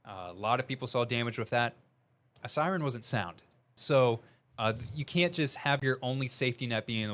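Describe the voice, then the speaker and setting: A man's voice: medium pitch, normal speed, a bit bright. A young male meteorologist with a Southern Missouri accent, giving earnest, urgent live storm coverage and reading viewer updates. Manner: earnest, urgent warnings, reads viewer chat aloud. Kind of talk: live severe weather coverage.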